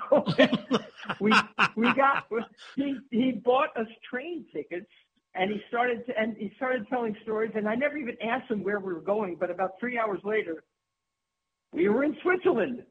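Woman guest telling animated broadcasting stories, laughs a lot, thin phone-line sound with a faint hum. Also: on the high side, moderate pace. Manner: lively, laughs often, restarts a lot. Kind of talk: anecdotal interview storytelling.

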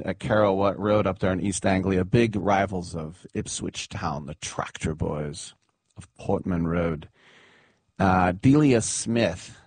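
Brief: low-voiced male radio host, loose chatty rambling, dry close studio sound. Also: no echo. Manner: rambling, chatty, muses aloud with fillers. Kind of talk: casual sports radio chat.

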